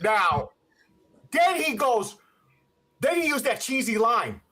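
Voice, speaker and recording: Brief: male podcast co-host, angry comic rant, lively swooping pitch, swears constantly. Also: slow pace. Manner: profane, heated, animated ranting with laughs. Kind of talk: casual ranting movie recap. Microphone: home podcast mic.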